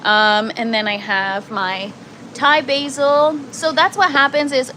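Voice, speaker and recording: A woman with a Canadian accent chats her way through a livestream from her indoor grow tent, joking at her own expense as she goes. Her voice sits slightly high. A faint hum runs under the recording. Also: steady tone, slow, pushed and bright, poor audio. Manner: chatty, self-deprecating, reads out viewer comments. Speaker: livestream host, gardener. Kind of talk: casual livestream chat.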